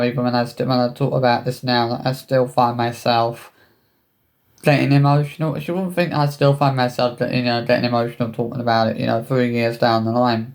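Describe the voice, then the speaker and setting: A man telling a personal story to camera in a hesitant, halting way, often restarting his sentences. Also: medium pitch, vocal fry. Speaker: vlogger.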